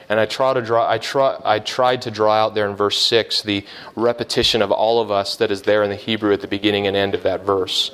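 A man with a fairly low voice preaches a conversational sermon on a Bible passage. He explains in an earnest, teaching way, often pausing with fillers and restarting his sentences. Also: fairly even intonation, a bit bright.

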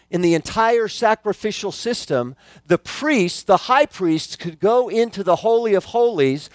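A man's voice: high voice, dry recording. A man preaching a sermon, earnest and emphatic, repeating key phrases for weight. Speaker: pastor.

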